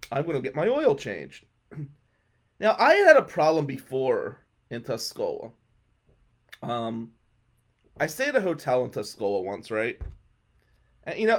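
Male radio host, casual comic storyteller, animated pitch, frequent throat-clearing. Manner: rambling, throat-clearing, with a lively delivery.

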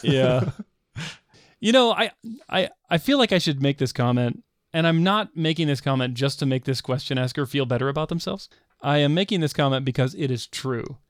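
A man's voice: medium pitch, animated, normal speed, no echo. Middle-aged guy cohosting a podcast, jokey, laughs a lot, dry close mic. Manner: joking, laughs often. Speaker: podcast co-host. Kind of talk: casual chat.

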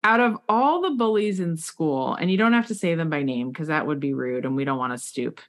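Low-pitched woman host, chatty, tells stories w lots of tangents. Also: normal speed. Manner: chatty, animated storytelling with many asides. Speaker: interviewer. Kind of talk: casual interview chat.

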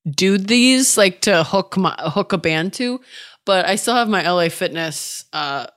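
A woman's voice: fairly low pitch, expressive, unhurried, fairly bright tone. A woman co-hosting a fitness podcast, chatting candidly with jokes and casual swearing. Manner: candid, joking, casually profane. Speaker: podcast co-host. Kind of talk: casual chat.

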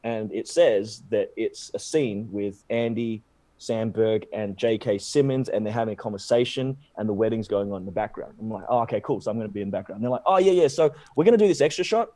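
A man in his thirties with an Australian accent, a guest actor in casual podcast chat who tells stories with lively acted-out quotes. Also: fairly low pitch, a little fast, dry recording. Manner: animated storyteller, acts out quotes.

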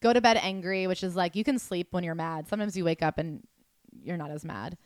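Fast-talking animated woman podcast host. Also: lowish voice, clean tone, dry recording. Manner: fast, animated, jokey, reads quotes aloud. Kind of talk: casual chat.

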